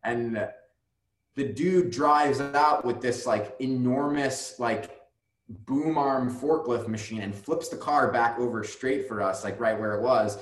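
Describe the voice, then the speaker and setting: A man's voice: mid-range voice, slow pace, faint music behind. Rambling guest man, roomy sound. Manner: rambling, lots of fillers and swearing. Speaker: music video director, guest. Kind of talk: casual storytelling. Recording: roomy echo.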